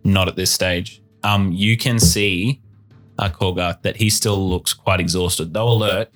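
A man's voice: low-pitched, steady tone, unhurried, faint music behind. A man narrating as game master of a tabletop game, describing scenes steadily.

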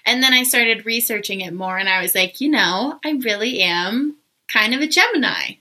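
A woman's voice: a little high, animated, bright, forceful tone. A woman in her twenties co-hosting a podcast, chatting casually with a playful, teasing manner. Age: 20s. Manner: playful, teasing, quick to joke. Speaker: podcast co-host. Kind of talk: casual chat.

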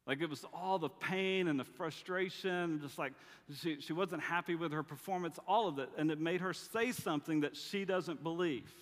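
A middle-aged man preaching a sermon, telling family stories with dry humor in a conversational way. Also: fairly high pitch. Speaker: pastor. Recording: long reverb of a large hall.

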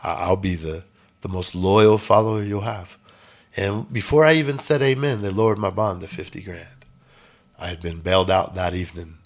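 A man's voice: deep voice, animated, normal speed. A man telling a personal story in a casual interview, blunt and emphatic with some swearing. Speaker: podcast guest.

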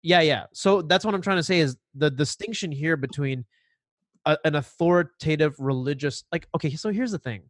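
Animated young man in dry close sound. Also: fairly high pitch, moderate pace, no echo. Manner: animated, emphatic, repeats words when excited. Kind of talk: casual podcast chat.

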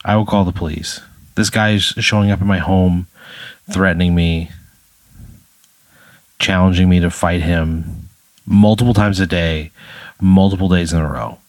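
A man's voice: deep voice, steady tone, measured pace, pauses often, dry recording. A man as podcast co-host, reacting in exasperated, swearing banter. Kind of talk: comedic banter.

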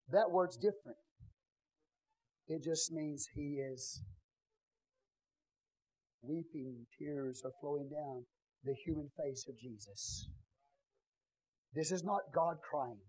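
A man preaching a sermon in a church, swinging from quiet teaching to loud shouted preaching. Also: a little high, slow pace, long pauses, rough recording. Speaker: pastor. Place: church sanctuary.

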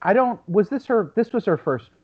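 A man in his thirties with a fairly high voice muses over a film as podcast co-host. His audio is dull and lo-fi, and he thinks out loud with frequent stops and restarts. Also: animated, normal speed, breathy edge. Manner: reflective, thinks aloud with many restarts. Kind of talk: casual movie discussion.

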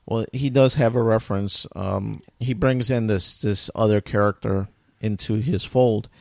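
A man's voice: lowish voice, fairly even intonation, unhurried, gravelly, darkish tone, dry recording, clean studio sound. A man in casual podcast chat, retelling a story with lots of quoting and fillers.

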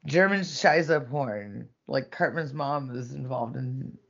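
A man's voice: mid-range voice, takes it slowly, vocal fry, breathy edge. A young adult man, co-hosting a podcast in casual, crude chat and laughing often. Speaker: podcast co-host. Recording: dull lo-fi sound.

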